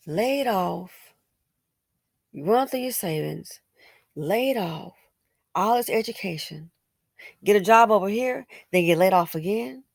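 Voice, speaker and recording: A woman's voice: medium pitch, expressive, a little slow, gravelly, long pauses, no room sound, studio quality. A woman giving opinionated commentary, blunt and colloquial, who repeats phrases for emphasis and fires off rhetorical questions.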